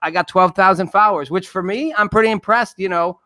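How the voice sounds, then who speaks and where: An older man hosts a talk show with a bright, forceful, fairly high voice. He jokes with his guests and encourages them in a friendly way. The sound is close and dry. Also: fast, no room sound. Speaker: host. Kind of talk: casual talk show hosting.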